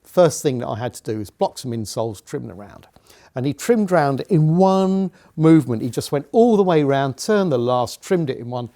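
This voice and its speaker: Middle-aged man, guest shoemaker, casual storytelling, lively anecdotal delivery. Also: medium pitch, normal speed.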